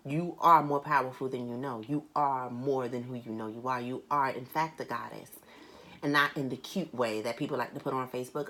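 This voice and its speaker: A woman giving a private tarot reading who speaks earnestly and bluntly, swearing casually, repeating phrases for emphasis and reading card text aloud slowly. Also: very deep voice, fairly even intonation, a little hiss or hum. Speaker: tarot reader.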